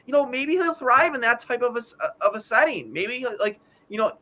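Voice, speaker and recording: A man's voice: extremely high pitch, animated, brisk, bright, forceful tone. A man co-hosting a casual hockey podcast, ranting in an exasperated, rambling way with many stammered restarts. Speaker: podcast co-host. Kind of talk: casual sports talk.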